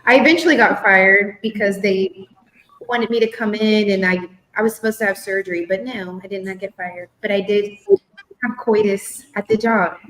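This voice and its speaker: A woman panelist telling a risqué story in a matter-of-fact, deadpan way. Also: medium pitch, normal speed, slight background noise, rough recording. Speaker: comedian panelist.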